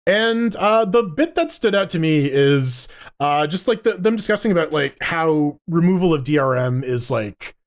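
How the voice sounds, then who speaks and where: A man's voice: on the high side, animated, moderate pace. A man co-hosting a casual gaming podcast, rambling along with frequent restarts and casual swearing. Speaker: podcast co-host. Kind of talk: casual gaming news chat.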